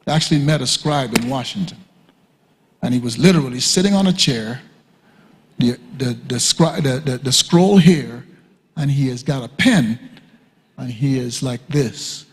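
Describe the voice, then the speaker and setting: A man's voice: medium pitch, moderate pace, husky. An older man teaching at a church leadership conference, in a conversational style with joking asides. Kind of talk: teaching talk. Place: church hall. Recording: long hall reverb.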